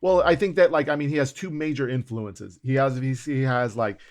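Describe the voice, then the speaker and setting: A man's voice: medium pitch, moderate pace. A man co-hosting a casual podcast chat, thinking aloud with hedging asides. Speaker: podcast co-host.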